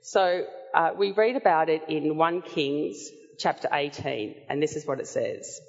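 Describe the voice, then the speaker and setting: Slow, earnest woman preaching in a hall. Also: low-pitched, vocal fry. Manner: earnest, measured Bible teaching. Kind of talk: sermon. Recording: dull sound with long hall reverb.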